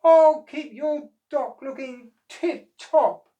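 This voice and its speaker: A man voicing an eager young boy who works on a storybook dock, with excited, bright exclamations. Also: very high-pitched, unhurried, roomy sound, distant mic, pitched above the performer's own voice.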